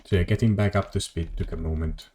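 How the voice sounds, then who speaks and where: A man streams a game from his home office, rambling casually as he plays, correcting himself and answering chat. His voice is deep and a little mellow, with fairly even intonation, and he talks fast.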